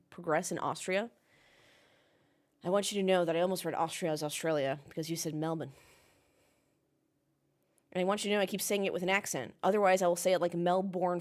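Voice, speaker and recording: A woman's voice: fairly low pitch, a little fast. Chatty woman streamer talking with chat. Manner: chatty, reads out chat comments, rants with swearing. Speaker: livestream host watching a race with chat. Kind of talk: casual livestream chat. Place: home, in Melbourne.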